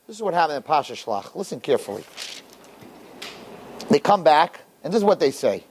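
Animated man lecturing with big pitch swings. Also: brisk, slightly rough. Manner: expressive, acts out quotes with big pitch jumps. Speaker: Torah teacher. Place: lecture hall with audience.

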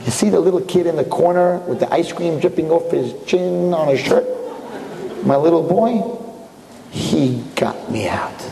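A man's voice: a little high, expressive, measured pace, gravelly, mellow. A man voicing a jailed father who pleads anxiously for help. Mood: earnest. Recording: echoey hall.

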